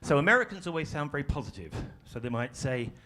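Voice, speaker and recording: Male facilitator, fairly high and very animated voice, chatty and self-deprecating onstage. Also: fast talker. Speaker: workshop facilitator. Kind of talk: live presentation to an audience. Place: large ballroom stage.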